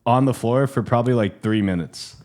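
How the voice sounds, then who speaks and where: A man's voice: mid-range voice, fairly quick, darkish tone. A young man co-hosting a casual sports podcast, talking loosely with lots of profanity, fillers and laughter. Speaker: podcast co-host.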